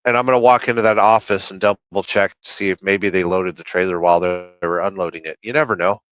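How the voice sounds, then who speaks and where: A man's voice: sits low, steady tone, fast, fairly bright tone, smooth, no room sound, dull audio. A man livestreaming while trucking, reading chat aloud and rambling through opinions in casual talk.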